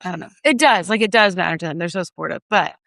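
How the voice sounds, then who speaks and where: Young woman guest, bright clear voice, dry close sound, easygoing chatter. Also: fairly low pitch, rapid-fire, no room sound. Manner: chatty, many fillers, laughs easily. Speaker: guest, singer. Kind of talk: casual conversation.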